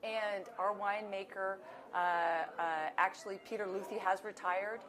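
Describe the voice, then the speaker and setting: A woman who serves at a winery tasting bar, telling lively stories and acting out her customers' voices. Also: medium pitch, measured pace, crowd noise. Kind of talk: anecdotal storytelling.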